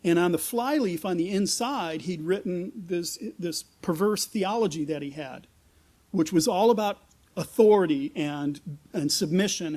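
A man's voice: sits high, darkish tone. A middle-aged man giving a sermon as a pastor, telling a story in a conversational way with frequent restarts and repeated words.

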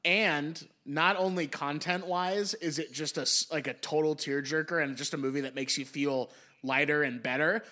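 A young man with a bright, forceful voice that sits a little high for a man. He talks through his favorite films with eager enthusiasm, swearing freely and stretching out the phrases he wants to land. His delivery feels like a casual podcast chat. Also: fairly even intonation, normal speed, few pauses. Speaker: podcast co-host. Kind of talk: casual film discussion.

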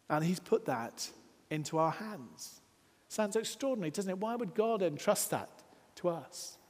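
A man preaching a sermon, earnest, building emphasis with rising lines and then dropping soft. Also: a little high, in a large hall. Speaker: pastor.

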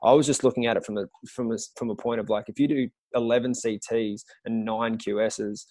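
A man's voice: mid-range voice, steady tone, a little fast, darkish tone, no room sound. A man hosting a casual chat, rambling in a laid-back way with many fillers.

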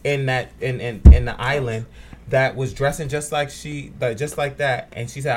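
A man co-hosting a podcast in casual chat, halting and repeating words as he retells scenes with animation. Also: mid-range voice, steady tone, noisy background. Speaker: podcast co-host.

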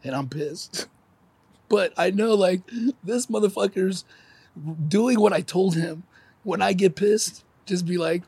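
A man in his forties talks through tears in a podcast chat, swearing often and laughing between words. His voice is gravelly and husky, and it sits a little high for a man. The room sounds dry. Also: unhurried, a little mellow, no room sound. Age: 40s. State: crying. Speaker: podcast co-host. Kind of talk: emotional podcast conversation.

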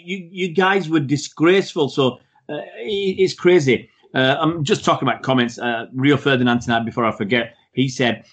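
A man co-hosting a podcast, talking about football in an emphatic, opinionated way. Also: medium pitch. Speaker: podcast co-host. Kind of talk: casual football chat.

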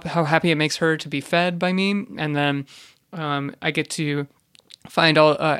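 Man podcasting, deadpan and rambling, somewhat high voice, smooth and clear. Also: no room sound, clean studio sound. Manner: rambling deadpan with many fillers and restarts. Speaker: podcast host. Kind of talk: ironic comedic monologue.

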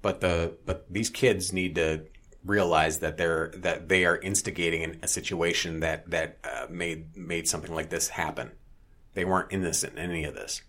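A man telling a story in casual chat, blunt, profane and animated. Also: low voice, normal speed.

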